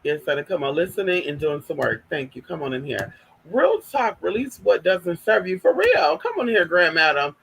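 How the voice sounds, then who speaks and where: A woman's voice: lowish voice, sing-song, normal speed, gravelly, fairly bright tone, breathy edge. A woman from California, sassy, chatting casually to viewers on her live stream and calling everyone honey.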